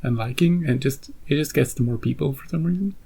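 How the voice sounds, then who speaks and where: A man's voice: medium pitch, a little fast, gravelly, dark tone, breathy edge, poor audio. A man hosting a reaction channel, chatting casually to his viewers in a rambling way and often repeating himself. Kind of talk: casual chat to camera.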